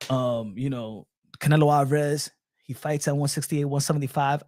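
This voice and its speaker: A man's voice: mid-range voice, steady tone, normal speed, darkish tone. A man, ranting as a profane, mocking boxing commentator.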